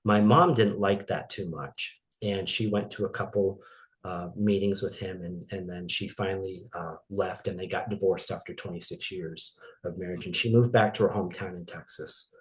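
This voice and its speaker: A middle-aged man from Maine telling a painful personal story as an interview guest, halting and emotional, with many restarts. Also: low-pitched, fairly even intonation.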